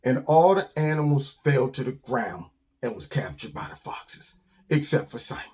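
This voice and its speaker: A man hosting his own channel, telling a children's story in a casual, slangy, animated way. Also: mid-range voice, normal speed.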